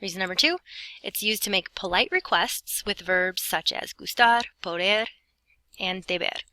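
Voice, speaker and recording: A woman's voice: mid-range voice, moderate pace, pushed and bright, dry recording, poor audio. A young adult woman giving a recorded Spanish lesson, explaining grammar in a chatty way with playful asides. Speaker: Spanish teacher. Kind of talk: recorded lesson narration over notes.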